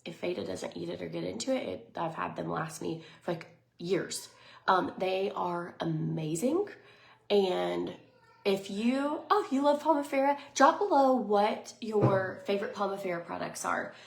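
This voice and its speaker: A woman in her thirties chatting casually in a vlog, bubbly and rambling, with lots of fillers and soft whispered asides. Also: medium pitch, lively intonation, unhurried, vocal fry. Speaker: lifestyle vlogger. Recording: echoey room, faint noise.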